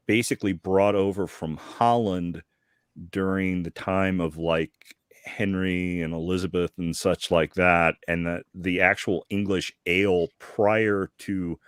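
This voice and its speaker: Deep-voiced man, teasing questions. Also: clean tone, no room sound, studio quality. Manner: teasing, asks probing questions. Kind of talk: casual chat.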